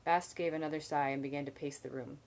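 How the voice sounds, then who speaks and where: A woman with a notably low voice reads a novel aloud on a live stream. Her reading is measured and even, stumbling now and then and picking the line back up. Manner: measured, with occasional slips and restarts. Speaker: reader.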